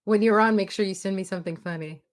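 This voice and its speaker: A woman co-hosting a podcast as a mental health professional, chatting casually and emphatically, teasing, and briskly reading a list of facts. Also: medium pitch.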